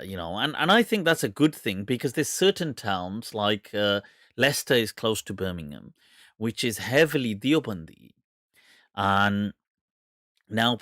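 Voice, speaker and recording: A British man hosts a live question-and-answer stream in a loose, rambling way, breaking into laughter again and again. His voice sits at a middle pitch. His accent is hard to place, and the sound is dry, with no room echo. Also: fairly bright tone. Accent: mixed British English, hard to place. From England. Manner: chatty, laughs often, rambling asides. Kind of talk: casual live Q&A chat.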